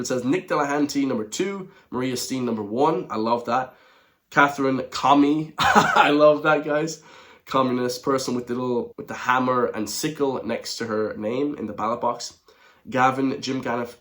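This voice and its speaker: A young Irish man giving casual commentary to his viewers, chatty and quick to chuckle, calling them lads and guys. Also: mid-range voice. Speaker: online commentator.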